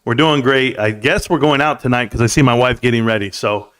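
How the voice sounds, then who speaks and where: A man in his forties hosting a casual live stream, rambling and reading out comments, swinging between loud and soft. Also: mid-range voice, fairly quick.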